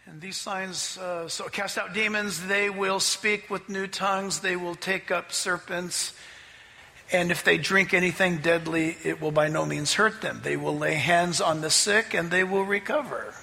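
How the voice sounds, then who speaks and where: A man preaching a sermon as pastor, telling a story with animated delivery that rises toward near-shouting at the climaxes. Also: sits high, unhurried, vocal fry. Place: church sanctuary. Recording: hall reverb, faint ambience.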